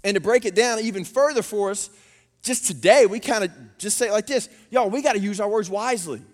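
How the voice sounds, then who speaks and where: A man, preaching a sermon and telling family stories with animated impressions. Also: high-pitched, fairly quick. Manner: animated storytelling, acting out his daughters' voices. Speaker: pastor. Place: church auditorium. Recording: long reverb of a church hall.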